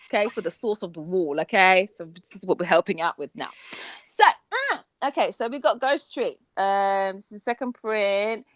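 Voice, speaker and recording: A woman co-hosting a casual podcast chat, expressive and quick to react. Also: fairly high pitch, no echo. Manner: expressive, reacts with many small sounds. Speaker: podcast co-host.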